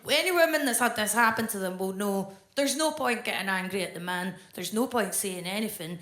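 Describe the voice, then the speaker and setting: A woman's voice: mid-range voice, brisk, fairly bright tone. A woman doing a stand-up comedy set, blunt and dry in her delivery. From Scotland. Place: comedy club stage. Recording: roomy live club sound.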